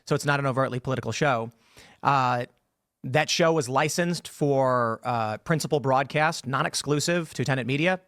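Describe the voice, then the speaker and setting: A podcaster explaining his show's licensing deal, halting with restarts. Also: mid-range voice, a bit bright, no echo, clean studio sound. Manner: halting, many fillers and restarts. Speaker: podcaster being interviewed. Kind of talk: explanatory statement in a played clip.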